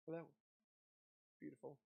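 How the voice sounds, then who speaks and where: A man's voice: normal speed, no echo, narrow, tinny audio. A man from Minnesota hosting a casual livestream, chatting and reading viewer comments aloud into a desk mic. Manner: chatty, reads and answers chat aloud. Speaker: livestream host.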